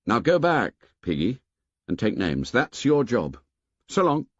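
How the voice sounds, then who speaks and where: A man reading an audiobook and voicing an earnest, eager boy leader who talks quickly. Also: medium pitch, huge pitch swings, husky, dry recording, muffled recording, exaggerated voice.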